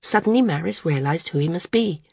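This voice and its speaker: A woman narrating a fantasy novel in a measured, even storytelling manner. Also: fairly low pitch, creaky, breathy edge, dry recording, clean studio sound. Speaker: audiobook narrator. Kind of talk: scripted narration.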